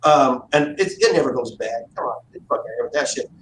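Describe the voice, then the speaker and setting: Expressive and brisk, with a mid-range, slightly bright voice, a man chats casually on a livestream. He tells meandering, profane stories, and the recording sounds roomy with faint noise.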